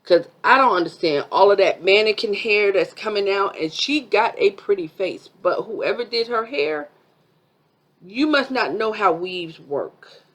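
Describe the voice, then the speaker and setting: A woman's voice: mid-range voice, animated, unhurried, a bit bright. A woman vlogger giving a chatty, sassy review of a reality TV episode, full of asides.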